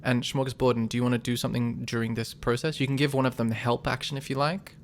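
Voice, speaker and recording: A man's voice: medium pitch, level tone, fast, slight background noise. A man running a tabletop game as game master, explaining rules patiently and laughing often.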